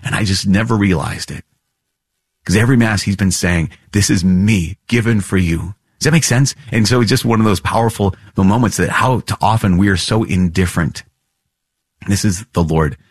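A man hosting a podcast, teaching in an earnest, animated way with warm storytelling and chuckles. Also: fairly low pitch, normal speed, slightly rough, no echo, clean studio sound. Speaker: priest podcast host.

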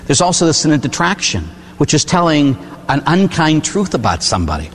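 A priest giving a conversational sermon, asking questions of the listeners and often tagging lines with "huh?". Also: male voice, on the high side, very animated, a little fast, husky. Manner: conversational preaching with tag questions. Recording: hall reverb with faint hum.

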